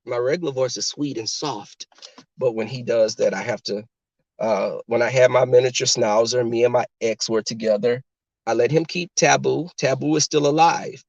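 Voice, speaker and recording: A man's voice: mid-range voice, moderate pace, gravelly, dry recording, highs cut off. A man casually chatting and telling stories to his livestream viewers from a car. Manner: chatty, talks straight to the chat.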